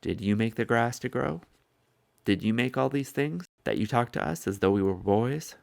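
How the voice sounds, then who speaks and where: A man voicing a proud, defiant older tribal chief in a questioning way, with a gravelly voice. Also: medium pitch, moderate pace, a little mellow, no echo, clean studio sound, close to an everyday voice.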